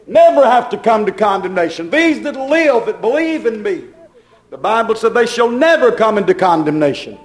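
High-voiced fervent preacher in echoey hall. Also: male voice, sing-song, normal speed. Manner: fervent preaching, rising and falling loudness. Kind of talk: sermon.

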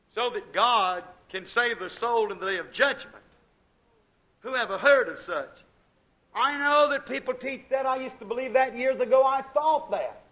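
Preacher, male, high voice, swings between shouting and hushed asides. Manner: preaching with sudden loud bursts and hushed drops. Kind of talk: sermon.

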